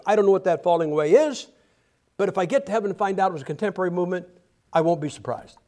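A male preacher delivering a humorous, animated sermon, often restarting his sentences. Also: sits high.

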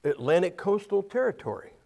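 A man's voice: high-pitched, sing-song, normal speed, gravelly, darkish tone. A man preaching a folksy, rambling sermon, full of restarts and asides.

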